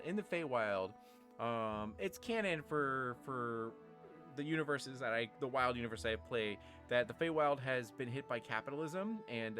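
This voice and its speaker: A man running a tabletop game, talking at an ordinary pitch and drifting along in loose, meandering narration. He fills his pauses with ums and likes. His voice is unremarkable and steady in register. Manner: relaxed, rambling narration full of fillers. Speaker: game master.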